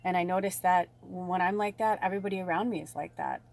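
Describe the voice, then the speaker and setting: A woman's voice: lowish voice, fairly even intonation, fast, gravelly, a little mellow. A woman casually talking through a spiritual tarot reading to her viewers, rambling and bubbly in manner. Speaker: tarot reader.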